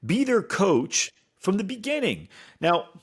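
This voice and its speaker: Animated podcast dude, husky voice, jumps all over the place pitch-wise. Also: male voice, measured pace. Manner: animated, acts out quotes in voices. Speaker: podcast co-host. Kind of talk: casual podcast chat.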